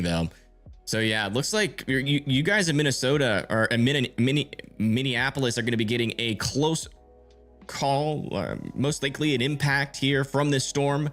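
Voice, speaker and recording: A man with a mid-range, somewhat bright voice tracks storms live on a stream, reasoning aloud as he checks radar and answering questions from viewers in chat.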